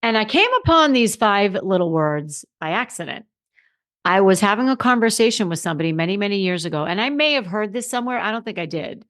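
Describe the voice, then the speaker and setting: A woman's voice: mid-range voice, lively intonation, fairly quick, a bit bright. Emphatic woman hosting a solo podcast. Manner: conversational, emphatic, with restarts and repeated phrases. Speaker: podcast host and confidence coach.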